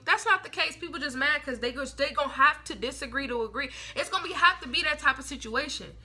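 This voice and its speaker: A woman's voice: high voice, expressive, fast, few pauses, pushed and bright. A young woman doing a casual tarot reading, chatty and blunt, full of slang and swearing, and she acts out the people she quotes. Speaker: tarot reader.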